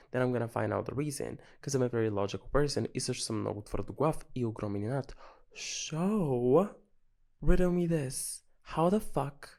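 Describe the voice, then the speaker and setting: A young man hosts his own podcast alone, venting without a script in a theatrical, self-mocking way. He swears freely and piles on the drama with a wry edge. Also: medium pitch. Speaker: podcast host. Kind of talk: casual solo podcast rant.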